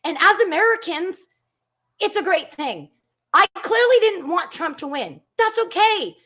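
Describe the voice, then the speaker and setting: A woman in her thirties holds forth as a guest on a live stream, fired up and cursing freely. Her voice sits high and swings widely in pitch, with a bright, sharp edge. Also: big pitch swings, measured pace. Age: 30s. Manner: fired up, ranting with profanity. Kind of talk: heated live-stream chat.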